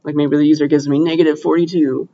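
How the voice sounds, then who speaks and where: A man's voice: fairly high pitch, level tone, fast talker, mellow. Upbeat male lecturer, lo-fi classroom sound. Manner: upbeat, asks checking questions often. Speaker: computer science lecturer. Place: lecture room.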